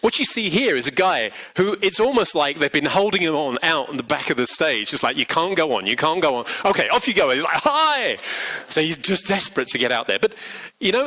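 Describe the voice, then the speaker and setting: Lively man coaching a workshop. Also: fairly high pitch, quick pace, no room sound, poor audio. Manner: animated, acts out quotes. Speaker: pitch coach. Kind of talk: workshop talk. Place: large workshop venue.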